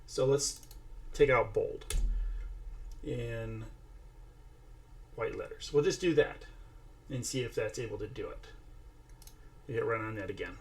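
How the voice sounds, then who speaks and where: A man runs an easygoing AI art tutorial over screen-share, narrating every step and speaking now and then to the toddler at his side. His mid-range voice moves at a measured pace with frequent pauses.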